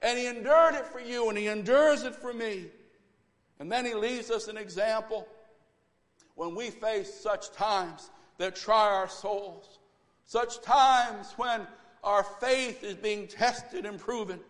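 A man with a very high voice preaches a sermon in a church sanctuary. He drives his points home with fervent, repeated exhortations. A long reverb trails after each phrase. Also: slow, a bit bright. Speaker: pastor.

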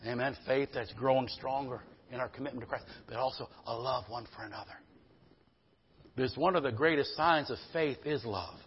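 A man preaching a sermon, emphatic, calling out to the congregation and swinging between loud bursts and quiet low passages. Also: brisk, dull audio, slight background noise. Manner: emphatic, calls out "Amen?" to the congregation.

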